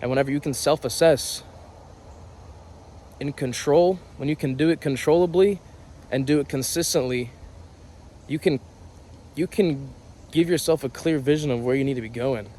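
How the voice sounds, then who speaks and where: A man's voice: mid-range voice, normal speed, mellow. A man in his twenties giving an earnest, casual motivational talk outdoors, often repeating and rephrasing his points. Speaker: vlogger. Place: outdoors on a property on a rainy day.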